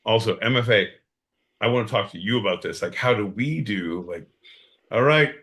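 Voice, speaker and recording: A man co-hosting a podcast in casual comedic banter, loud and profane with sudden bursts of energy. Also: on the low side, moderate pace. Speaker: podcast co-host.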